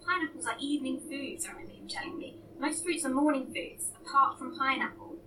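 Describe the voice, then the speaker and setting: A woman's voice: sits high, brisk, far from the mic, noisy background. A woman reading a story aloud as narrator, in a dry, understated way. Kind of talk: audiobook reading.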